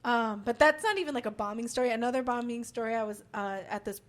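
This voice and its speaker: Woman comic telling stories, higher voice. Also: fast talker. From Chicago, USA. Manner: animated storyteller, swears freely, acts out quotes. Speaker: stand-up comedian guest. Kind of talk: casual podcast chat.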